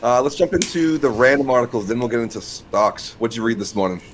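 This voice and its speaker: A man co-hosting a podcast, chatting casually and reacting with lively interjections. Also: medium pitch, quick pace, slight background noise. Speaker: podcast co-host. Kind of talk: casual chat.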